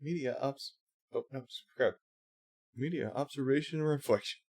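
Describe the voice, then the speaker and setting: A man hosting a live stream, casually reacting to a video with wry muttered asides and quick laughs. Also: mid-range voice, a little mellow, soft background music. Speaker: stream host.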